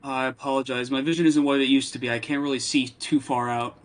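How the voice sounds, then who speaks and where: A man's voice: mid-range voice, level tone, quick pace, slight background noise. A man playing his character in a tabletop game, hesitant and chatty. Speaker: player. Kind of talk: casual role-play.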